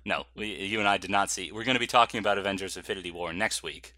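A man's voice: sits low, quick pace, pushed and bright, no room sound. A man co-hosting a film podcast, chatty and laughing often, with frequent restarts. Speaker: podcast co-host. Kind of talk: casual film chat.

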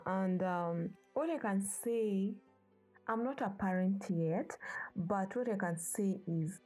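The audio is poor, but a young African woman's medium-pitched, slightly mellow voice comes through as she earnestly shares her personal views. She speaks with passion, pleading with parents.

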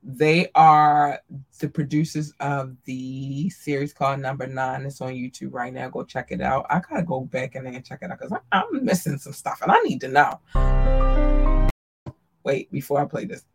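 A woman hosting a podcast, chatting casually and affectionately with listeners and often jumping into a squeaky high voice for greetings. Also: normal speed, creaky, faint music behind. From Maryland, USA. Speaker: podcast host. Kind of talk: casual livestream shout-outs.

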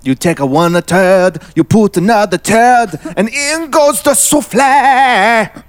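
A man's voice: high-pitched, expressive, takes it slowly, no echo, soft background music. A man putting on a pompous, bumbling French chef from the 1700s with a fake French accent and mangled English. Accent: put-on French. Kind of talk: improv comedy sketch.

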